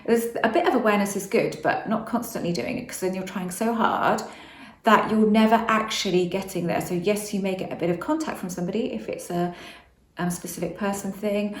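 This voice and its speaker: A woman vlogger in a room with a ring light, talking to camera in a chatty way and explaining her ideas with repeated phrases. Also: mid-range voice. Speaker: law of attraction vlogger. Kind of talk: casual talk to camera. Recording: echoey room.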